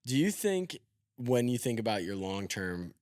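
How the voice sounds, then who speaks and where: A man hosting a podcast, talking in a thoughtful, halting way with many restarts. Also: mid-range voice, sing-song, a little mellow, no echo. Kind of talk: conversational podcast interview.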